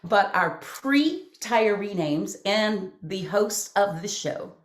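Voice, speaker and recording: A woman in her sixties co-hosting a casual home video-call show, playful and quick to laugh. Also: medium pitch. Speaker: co-host. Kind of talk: casual chat. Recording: echoey room.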